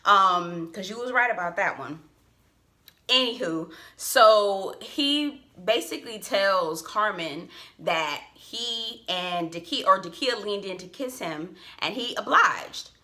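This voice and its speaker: Casual TV recap vlogger: young woman, bright clear tone, playful. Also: medium pitch, takes it slowly. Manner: animated, laughing asides, slangy and playful. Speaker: TV review vlogger. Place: at home.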